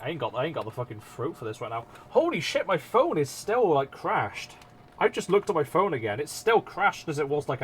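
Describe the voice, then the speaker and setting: Male streamer, casual live chat, animated delivery, swears freely, self-mocking. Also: medium pitch, slight background noise.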